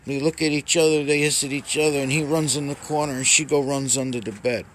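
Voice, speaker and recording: A man casually rambling in a home vlog, cooing softly at his cats. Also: mid-range voice, fairly even intonation, quick pace, slight background noise. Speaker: vlogger. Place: home indoors.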